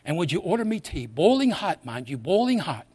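A man putting on an English accent to play a fussy, proper elderly English gentleman. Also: fairly high pitch, very animated, brisk, slightly rough, pitched above the performer's own voice. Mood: insistent. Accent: English, put on.

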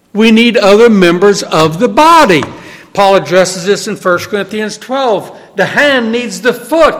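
High lively preacher guy, swoops up and down a lot, long echo from a hall. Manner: emphatic, swinging from loud to hushed. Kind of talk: sermon.

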